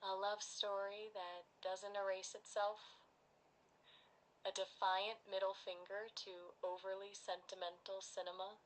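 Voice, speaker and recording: A woman's voice: medium pitch, little pitch movement, a little slow, rough recording. A woman's voice from an AI chat companion. It gives polished, scripted-sounding replies full of effusive, theatrical praise.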